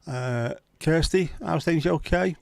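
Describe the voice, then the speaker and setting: A man's voice: on the high side, unhurried, gravelly, dry recording. Chatty man hosting a stream. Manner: chatty, greets viewers by name, jokey. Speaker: live stream host. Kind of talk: casual watch-along chat.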